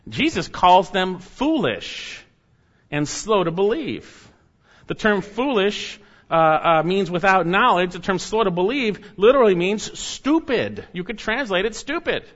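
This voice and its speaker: Man preaching a sermon, kinda high voice, big loud stresses then soft drops, muffled lo-fi audio. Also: sing-song, a little slow. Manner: emphatic preaching, swinging from loud high stresses to quiet low asides. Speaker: pastor.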